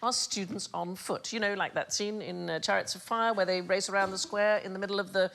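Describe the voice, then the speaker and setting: A woman hosting a comedy panel quiz in a TV studio, a lively storyteller who teases the audience. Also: mid-range voice, a little fast, vocal fry. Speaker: quiz show host.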